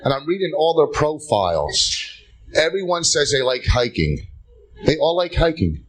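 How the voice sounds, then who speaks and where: A man's voice: on the high side, sing-song, moderate pace, low-quality recording. A man doing a stand-up routine on a club stage, firing off short jokes and tagging them with "okay?". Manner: punchy jokes tagged with "okay?" and "right?". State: tired. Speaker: stand-up comedian. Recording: live club show, crowd noise. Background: loud laughing audience.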